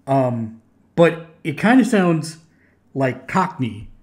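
A man's voice: medium pitch, very animated, slow pace, a little mellow. A middle-aged American man hosting a reaction video, chatting casually with frequent restarts. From United States. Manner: chatty, restarts sentences, laughs easily.

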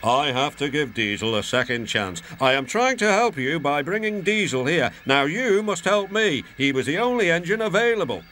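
A man's voice: fairly high pitch, big pitch swings, normal speed, hardly any pauses, sharp tone, a little hiss or hum. A man voicing a stern, portly male railway boss who speaks firmly. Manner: firm, commanding.

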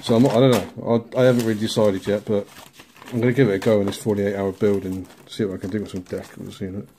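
Mellow low-voiced man rambling casually. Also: fast, a little hiss or hum. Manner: relaxed, rambling, chuckles at himself. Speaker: scale model builder, channel host. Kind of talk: casual bench update vlog.

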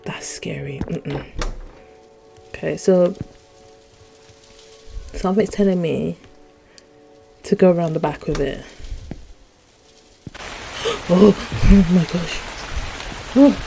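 A woman's voice: lowish voice, slow pace, creaky, long pauses, over music, poor audio. A young woman, commentating a horror game she is playing, jumpy and easily startled, with gasps and exclamations. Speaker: gaming YouTuber.

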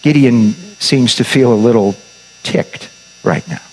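A man's voice: mid-range voice, measured pace, rough recording. A man preaching, retelling a story in a conversational way, with frequent restarts and repeated words. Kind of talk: sermon storytelling.

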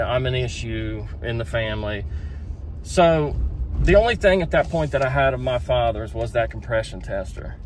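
A man of middle pitch tells a personal story to the camera, speaking plainly and frankly. He drops the occasional curse word. Faint noise sits behind his voice. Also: a little mellow. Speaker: vlogger.

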